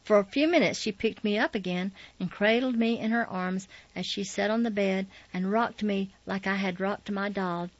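Woman calmly reading a memoir. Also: mid-range voice, no echo. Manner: calm, measured storytelling. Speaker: narrator. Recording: slightly dull, dry recording.

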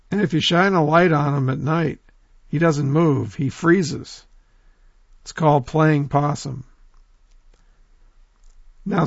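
Gravelly male folk-tale storyteller. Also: on the high side, no room sound, lo-fi sound. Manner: lively, animated, addresses listeners directly.

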